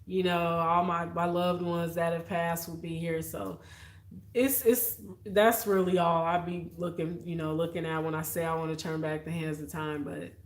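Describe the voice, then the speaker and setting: A woman's voice: on the low side, reverberant. A woman hosting a casual livestream, chatty and heartfelt, talking straight to her viewers. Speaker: livestream host. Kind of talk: casual live-stream chat with viewers.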